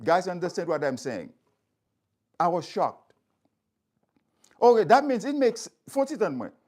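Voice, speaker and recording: A man's voice: high voice, big pitch swings, unhurried, dark tone. A man speaking straight to his viewers, stressing his points by repeating phrases. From Haiti. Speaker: community speaker. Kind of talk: impassioned address to viewers.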